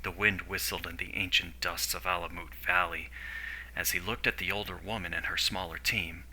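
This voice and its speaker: Guy reading a story, steady and descriptive, low and forceful. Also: moderate pace, slight background noise, rough recording. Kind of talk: story narration.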